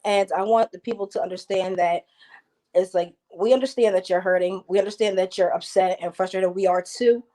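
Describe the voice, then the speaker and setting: Joining a panel discussion over a video call, an activist guest from New Jersey speaks passionately with frequent restarts. Her voice is medium-pitched, steady, dark in tone, and fairly quick.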